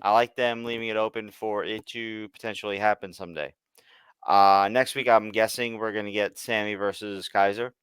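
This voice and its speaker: A man co-hosting a wrestling podcast, speaking in a relaxed way and often chiming in with quick agreement. His voice sits low and comes across smooth and clean, recorded dry and close. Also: no echo. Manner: laid-back, mostly short agreeing replies. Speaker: podcast co-host. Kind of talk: casual wrestling recap chat.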